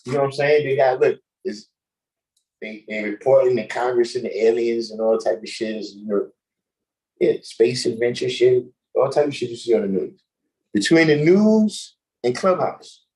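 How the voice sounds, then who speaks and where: A man hosting a casual livestream chat, telling stories in an animated, slangy way and laughing often. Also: mid-range voice, normal speed, poor audio. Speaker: host.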